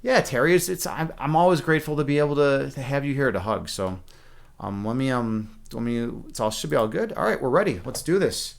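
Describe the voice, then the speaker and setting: A man's voice: medium pitch, animated, a little fast, vocal fry. A man chatting casually on a live stream, rambling with many restarts and fillers and greeting viewers by name. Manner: friendly, talks to chat by name.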